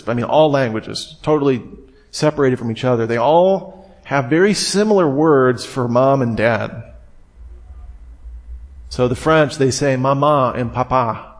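A man teaching the Bible in a conversational sermon, with digressive asides and repeated words. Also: medium pitch. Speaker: preacher.

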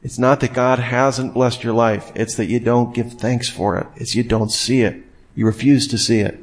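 A man's voice: medium pitch, fairly even intonation, moderate pace. A young man preaching a casual, conversational sermon, often acting out imagined inner voices and asking the listeners questions.

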